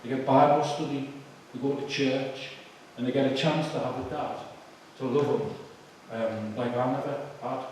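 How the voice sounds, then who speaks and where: A man tells his personal testimony, emotional and halting, filling pauses with "um." His voice sits at an ordinary pitch. It carries a long hall reverb and sounds distant from the microphone. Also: steady tone, darkish tone, slight background noise. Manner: emotional, halting, with many fillers. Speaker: speaker giving a testimony. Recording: echoey hall, far from the mic.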